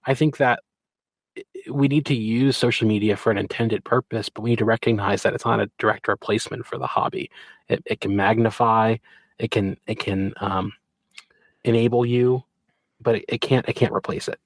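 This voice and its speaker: A man in a casual podcast talk, speaking in a thoughtful, reflective and measured way. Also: on the low side, fairly even intonation, no echo. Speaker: podcast co-participant, model railroader.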